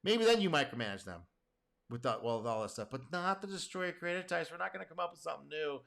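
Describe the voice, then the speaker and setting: Fast-talking high-voiced man ranting. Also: gravelly, pushed and bright. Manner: rambling, emphatic, casually profane. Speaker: host and programming course teacher. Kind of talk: reaction commentary.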